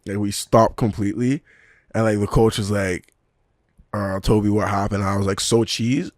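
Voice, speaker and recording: A young man with a very low voice recounts stories in a loose, laughing way, full of street slang. The sound is dry and close, with no room around it. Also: normal speed, no room sound. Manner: animated, laughing, slang-heavy storyteller. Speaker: professional footballer guest. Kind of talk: casual storytelling interview.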